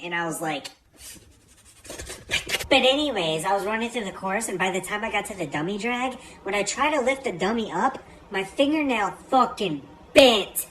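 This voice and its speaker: A woman's voice: medium pitch, lively intonation, normal speed, a bit bright, rough recording. A woman telling a casual storytime to her phone, blunt and laid-back and swearing freely. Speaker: storyteller recounting a fitness test.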